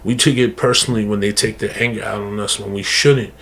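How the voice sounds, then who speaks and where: A man's voice: fairly low pitch, steady tone, fairly quick, vocal fry, fairly bright tone. A man speaking earnestly as a podcast guest, casual and emphatic, often repeating words and calling people "bro.". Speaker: guest speaker on mental health. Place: podcast studio.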